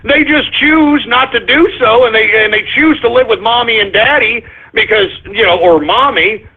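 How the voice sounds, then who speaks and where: Husky high voiced radio guy ranting at listeners, abrasive, sounds like a phone line. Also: moderate pace. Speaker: radio show host. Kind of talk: call-in radio rant. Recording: tinny phone-like lo-fi audio.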